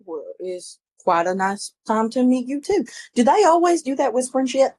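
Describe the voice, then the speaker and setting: Casting: a woman voicing a cocky, foul-mouthed young adventurer, joking and breezy, slightly high voice. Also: big pitch swings, moderate pace, dark tone, poor audio. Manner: joking, crude and carefree. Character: brash, crude, cocky young man adventurer.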